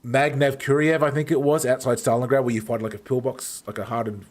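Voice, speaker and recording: A man's voice: medium pitch, level tone, fairly quick, darkish tone. A man hosting a stream and telling rambling, swear-filled gaming stories in casual chat. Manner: rambling storyteller, heavy swearing. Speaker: streamer host.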